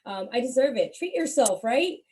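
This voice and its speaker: A young woman doing stand-up, telling a profane story in a brash, animated way, swearing constantly. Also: on the high side, normal speed. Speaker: stand-up comedian.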